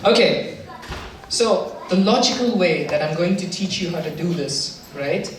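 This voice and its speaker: A man working a live crowd with slow, teasing stand-up and self-mocking jabs. His voice rings through a very echoey hall, picked up from well off the mic. Steady noise sits under everything. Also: high-pitched, recorded from a distance. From India. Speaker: stand-up comedian. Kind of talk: stand-up comedy with audience participation.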